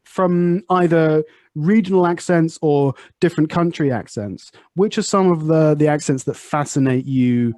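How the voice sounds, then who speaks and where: A man's voice: on the high side, measured pace, warm tone, no room sound, studio quality. A young British man speaking standard southern British English, chatting casually as a podcast host, with many fillers and restarts. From United Kingdom. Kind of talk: casual conversation.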